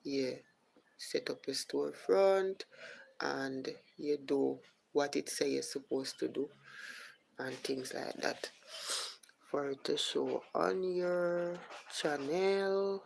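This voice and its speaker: A Jamaican woman hosts a live stream, walking through each step slowly. Her voice sits low and has a gravelly edge. A faint hiss runs underneath. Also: fairly even intonation, a little mellow, rough recording. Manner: unhurried explaining, greets viewers by name. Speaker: podcast host. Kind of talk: casual live-stream chat.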